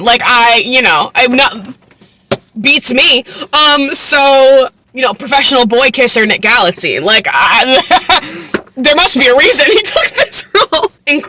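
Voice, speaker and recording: A woman's voice: on the high side, bright, forceful tone, dry recording. A woman in her twenties recapping a book casually, chatty and incredulous, full of fillers and swearing. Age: 20s. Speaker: book vlogger.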